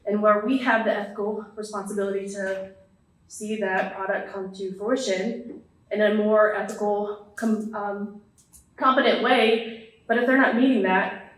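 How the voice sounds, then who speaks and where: A woman's voice: mid-range voice, fairly bright tone, recorded from a distance. Earnest woman speaking in an echoey room. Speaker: counselor educator presenter. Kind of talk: academic presentation to an audience. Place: lecture room with an audience.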